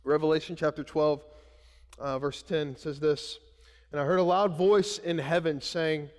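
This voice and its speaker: Man preaching, high voice, conversational with anecdotes, church sanctuary, long hall reverb. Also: fairly even intonation, unhurried, darkish tone. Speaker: pastor. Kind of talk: sermon.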